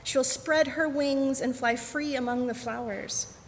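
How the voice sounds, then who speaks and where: A woman voicing a gentle, loving mother mole who speaks softly and reassuringly, in a storybook reading. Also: high voice, fairly even intonation, a little slow. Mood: tender. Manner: soft, soothing, reassuring. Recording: echoey church hall, faint hum.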